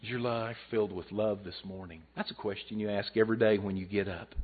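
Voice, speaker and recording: A man's voice: lowish voice, brisk. Man preaching a sermon over tinny audio. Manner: expressive, swelling and dropping for emphasis. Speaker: pastor. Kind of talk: sermon with storytelling.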